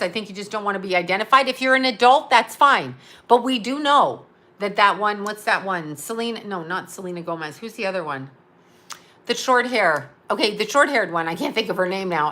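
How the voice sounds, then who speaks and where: A woman's voice: on the high side, bright, forceful tone. A middle-aged woman ranting to camera in a blunt, profane, rambling monologue, often cracking herself up. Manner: crude, rambling, laughing at her own jokes. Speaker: vlogger.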